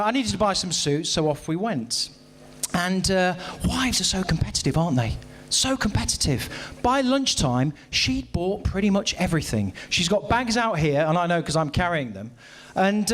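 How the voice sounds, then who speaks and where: A man in his thirties performing a self-mocking stand-up set, talking straight to the audience on a live stage. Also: high-pitched. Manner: self-mocking, chatty, addresses audience directly. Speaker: stand-up comedian. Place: live stage at a charity comedy event.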